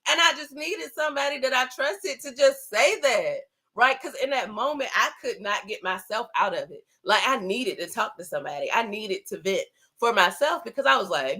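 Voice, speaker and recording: A woman hosting a casual livestream talk. She speaks conversationally, often asks "right?" and says "like", and acts out inner thoughts in an animated way. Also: fairly high pitch, normal speed, husky. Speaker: host. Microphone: computer camera setup.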